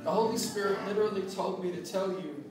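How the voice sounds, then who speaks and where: A man preaching an impassioned altar-call sermon at a church worship night, with a rhythmic, repetitive cadence that swells into shouts. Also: sits high, quick pace. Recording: very echoey church hall, voice far from mic, with worship music and congregation.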